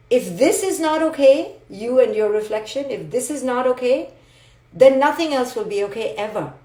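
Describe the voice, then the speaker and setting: A woman's voice: a little high, a little mellow, reverberant. A woman psychologist giving a live motivational talk, emphatic and repetitive, speaking directly to her listeners. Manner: emphatic, repetitive, direct address with acted asides.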